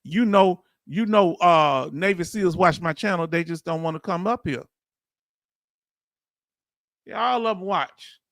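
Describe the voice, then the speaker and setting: A man hosts a livestream commentary, his voice high and bright. He talks in casual slang, animated and preachy, calling on the viewers in his chat. The sound is dry and close. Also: a little slow, pauses often, no echo. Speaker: channel host.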